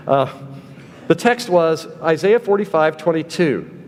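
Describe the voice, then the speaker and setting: A man delivering a sermon in a chapel, his fairly high voice rising and falling in a lively way. He talks conversationally with plenty of ums and uhs, and he leans into quoted passages when reading them aloud. A long reverb from the church hall trails behind every phrase. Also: moderate pace. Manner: reads quotations aloud with emphasis. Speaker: preacher.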